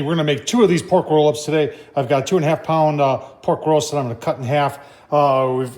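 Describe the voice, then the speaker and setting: A man's voice: mid-range voice, a little mellow. A man hosting a casual cooking vlog, talking folksy and chatty and often addressing viewers as folks. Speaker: cooking channel host.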